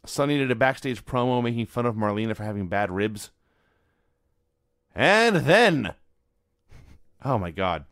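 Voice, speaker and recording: A man's voice: fairly low pitch, steady tone, quick pace, few pauses, smooth, no room sound. A man co-hosting a podcast, recapping matter-of-factly in a dry tone. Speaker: podcast co-host. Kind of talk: casual chat reviewing old wrestling.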